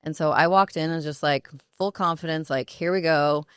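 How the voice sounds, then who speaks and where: A woman in her thirties, a podcast guest, telling stories in a chatty, animated way full of fillers. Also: low-pitched, normal speed, smooth, no echo, clean studio sound. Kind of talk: casual conversational storytelling.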